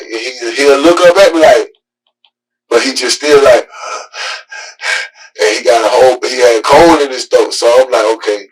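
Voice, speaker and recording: Husky father in a police interview, heard from far off in the room, rambling and halting. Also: medium pitch.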